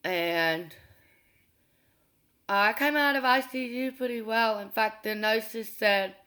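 Slow-spoken woman telling her story. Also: fairly high pitch, bright, forceful tone. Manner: earnest, unhurried, pauses and restarts. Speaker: interviewee. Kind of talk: personal interview.

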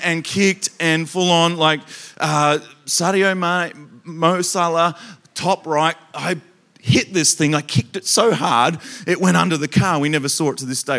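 A man with an Australian accent preaching a sermon, telling comic stories in an animated, joking way and talking straight to the crowd. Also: on the high side, vocal fry.

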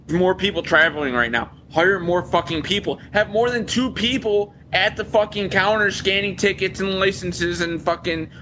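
Male podcast co-host, bright and a bit high, angry swearing rant. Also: slight background noise, poor audio. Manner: ranting, heavy swearing. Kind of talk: casual chat.

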